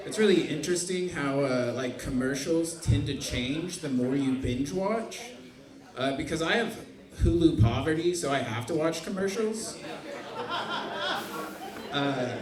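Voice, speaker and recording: A man in his twenties doing an awkward, self-deprecating stand-up set in a comedy club. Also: fairly high pitch. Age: 20s. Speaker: stand-up comic. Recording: echoey club room with crowd.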